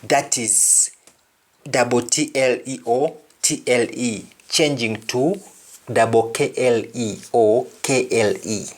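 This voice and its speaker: A man teaches pronunciation at a crawl, stretching out every word. He sets out each example word carefully and says it over again, in an even, middle-pitched voice. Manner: slow, deliberate, repeats each word in pairs. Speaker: language teacher. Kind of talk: pronunciation lesson.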